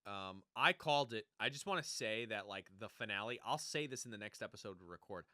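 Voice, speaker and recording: A man co-hosting a podcast, chatting casually and animatedly about a TV show, jumping into quick character impressions. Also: on the low side, lively intonation, pushed and bright, no echo, studio quality. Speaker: podcast co-host. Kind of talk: casual chat recapping a TV show.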